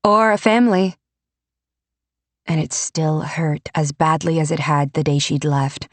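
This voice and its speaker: A woman narrating a fantasy audiobook in a measured, unhurried storytelling manner. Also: low voice, level tone, dry recording.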